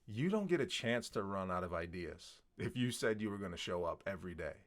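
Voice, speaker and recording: A man's voice: deep voice, expressive, fairly quick. A man in a casual conversation, talking earnestly and asking himself rhetorical questions. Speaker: podcast guest, writer and content creator.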